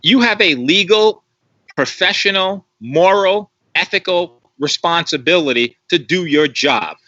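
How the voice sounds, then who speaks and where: A man's voice: high-pitched, animated, a little slow, bright, forceful tone, no echo, highs cut off. A man speaking as an interview guest on a live stream, emphatic and repetitive, asking rhetorical questions. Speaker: guest commentator on policing.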